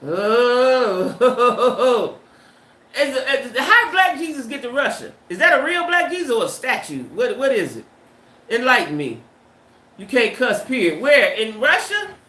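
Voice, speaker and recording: A woman's voice: on the high side, lively intonation, a little slow, fairly bright tone, echoey room. A woman hosting a livestream in casual, emphatic chat, firing off rhetorical questions and slang. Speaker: livestream host. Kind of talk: casual chat reading viewer comments.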